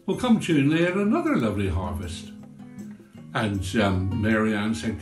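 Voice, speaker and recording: A man's voice: lowish voice, big pitch swings, normal speed. A man, telling comic village stories in a chatty, folksy way. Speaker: storyteller. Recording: roomy with faint guitar.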